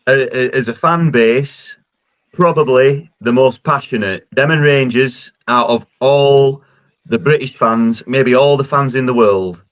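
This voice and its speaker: A man's voice: medium pitch, a little slow. A man with a mid-range voice cuts into a casual live phone-in. He speaks with emphatic, passionate conviction.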